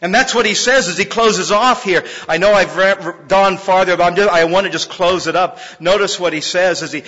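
Preacher guy, high bright voice, swings loud to soft, muffled lo-fi church recording. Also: a little fast. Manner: preaching with big swings from loud emphasis to soft near-whisper; repeats words for emphasis. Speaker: pastor. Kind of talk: sermon. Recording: muffled recording with long hall reverb.

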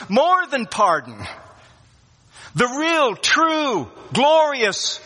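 Male pastor, high bright voice, emphatic preaching with repeated words, long hall reverb. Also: very animated, slow pace. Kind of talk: sermon.

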